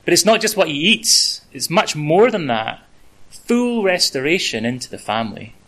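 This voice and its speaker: A man's voice: fairly high pitch, big pitch swings, normal speed, fairly bright tone, rough recording. A man preaching a conversational sermon, with casual asides and the odd filler.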